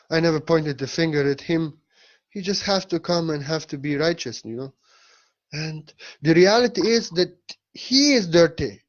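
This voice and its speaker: A man's voice: on the high side, dull audio. A man speaking as a spiritual teacher in a blunt, emphatic monologue, with non-native phrasing and frequent swearing.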